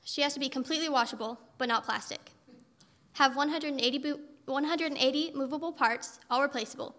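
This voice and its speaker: A woman's voice: sits high, a little fast, sharp tone, big-room sound. A woman voicing God as a patient, tireless male creator in a story she reads aloud, told in an earnest, fond way.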